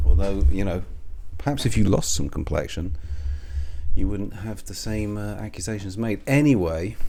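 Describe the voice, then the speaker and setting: A man's voice: sits low, gravelly, a little mellow. A man rambling sarcastically in a monologue, swearing freely and chuckling between jabs. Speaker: commentary video host.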